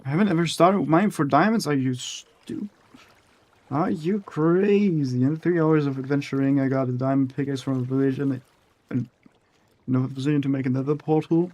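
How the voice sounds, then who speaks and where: A man's voice: medium pitch, fairly even intonation, fast talker, a little mellow, no echo. A young man giving casual, profane commentary while building in a video game, muttering to himself as he works. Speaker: gaming streamer.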